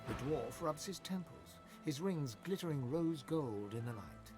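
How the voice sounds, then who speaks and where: A man voicing the narrator of a fantasy video game, describing scenes in a measured, scripted way. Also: a little high, lively intonation, over music.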